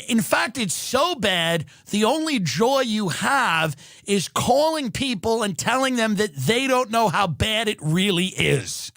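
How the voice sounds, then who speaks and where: High-voiced sardonic male comedic host. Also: a bit bright, dry recording, clean studio sound. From New York. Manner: sardonic, profane, exaggerated delivery. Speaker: podcast host. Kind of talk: comedic monologue rant.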